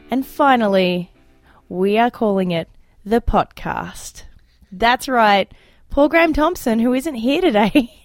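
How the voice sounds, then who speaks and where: A young adult woman hosting a politics podcast in a casual, chatty, self-deprecating way, laughing often. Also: fairly high pitch. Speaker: podcast host. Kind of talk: casual panel chat.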